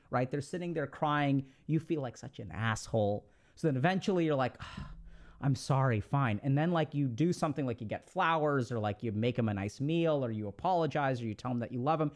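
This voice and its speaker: A man with a fairly high, somewhat dark-toned voice gives a relaxed, explanatory talk on relationships. He checks in with his listeners again and again and leans heavily on conversational fillers.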